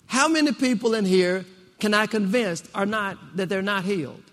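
A man's voice: high voice, moderate pace, fairly bright tone. A man preaching a rousing sermon to a congregation, repeating phrases and calling for responses. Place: church. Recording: long reverb of a church hall.

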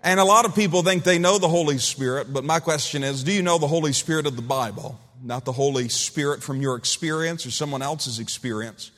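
A man's voice: fairly high pitch, fairly quick, few pauses, fairly bright tone. A man preaching a sermon as pastor, folksy and joking, telling stories between Scripture readings. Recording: reverberant church hall.

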